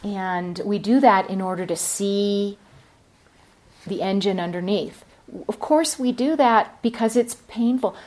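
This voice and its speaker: A woman's voice: medium pitch, unhurried, a little mellow. A woman meditation teacher giving a dharma talk at a retreat center, reflective and telling a story. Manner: reflective, storytelling, many fillers.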